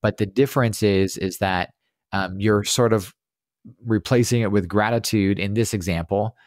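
A man's voice: lowish voice, moderate pace, no echo, studio quality. A man hosting a podcast interview, affirming and enthusiastic in casual chat. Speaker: podcast host.

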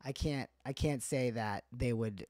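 A man's voice: medium pitch, unhurried, darkish tone, no room sound, studio quality. A man doing a comedian's casual stand-up bits on a livestream, rambling and self-deprecating, laughing at his own jokes. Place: indoors, livestream.

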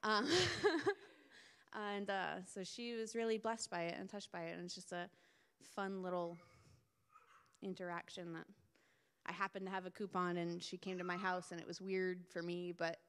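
A woman's voice: on the low side, normal speed, fairly bright tone, clean tone. A young woman telling a casual testimony at a church gathering, chatty and self-deprecating, laughing often. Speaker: church member sharing a testimony. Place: church meeting room. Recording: echoey hall.

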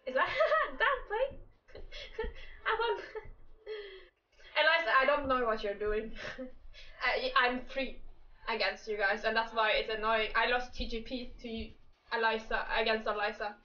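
A woman's voice: on the high side, fairly even intonation, moderate pace, pushed and bright, highs cut off. A woman giving a casual, profane, exasperated rant about game characters, breaking into laughter often. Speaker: gaming creator. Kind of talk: casual ranting commentary. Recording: echoey room, distant mic, faint music.

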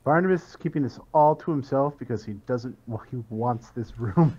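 A man's voice: mid-range voice, normal speed, dark tone, muffled recording. A man playing a tabletop game who calls out his rolls casually and laughs at his own character's schemes. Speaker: player.

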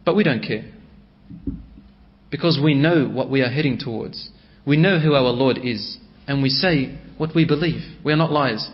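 A male preacher telling a story in a sermon, swinging between raised and hushed delivery. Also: medium pitch, normal speed, lo-fi sound.

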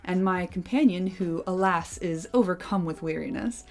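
A woman's voice: on the low side, moderate pace, a little mellow, close to an everyday voice. A woman voicing a cheeky young male hobbit who speaks with grave, overly formal courtesy in a storybook reading. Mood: mock grave.

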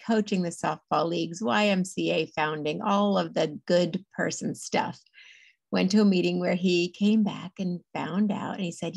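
A middle-aged woman speaks in a casual podcast interview, earnest and chatty, with a gravelly, husky edge to her voice. The sound is dry and close. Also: fairly low pitch, no room sound. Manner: earnest, chatty, quick laughs. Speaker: podcast guest, author.

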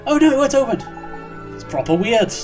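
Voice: mid-range voice, sing-song, fairly quick, a little mellow, soft background music, voice pushed up, natural voice. A let's-play gamer voicing a boastful, chummy fairy sidekick with slangy talk. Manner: slangy, matey, calls the boy Ollie boy.

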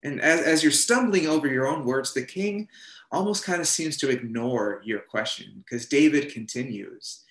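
Pastor with an echoey church sound. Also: male voice, medium pitch, lively intonation, normal speed, fairly bright tone. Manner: retells a story vividly, voicing the characters' lines, with some restarts. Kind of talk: sermon, second-person storytelling.

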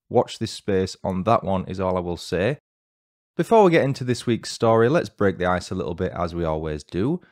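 A man's voice: on the low side, darkish tone, dry recording. A man hosting a true-crime podcast, reading a scripted narration with dry, lightly joking asides. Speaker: podcast host.

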